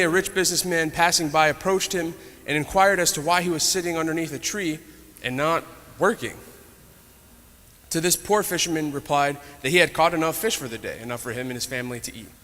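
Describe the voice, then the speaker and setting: A man's voice: on the high side, bright, forceful tone. A man teaching an adult Bible study class in a conversational way, retelling stories with asides. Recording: echoey hall reverb.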